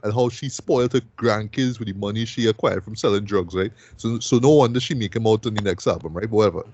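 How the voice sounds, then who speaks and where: A man's voice: on the low side, quick pace, darkish tone, dull audio, slight background noise. A man hosting a music review show, talking loosely and casually and ending most sentences with "right?".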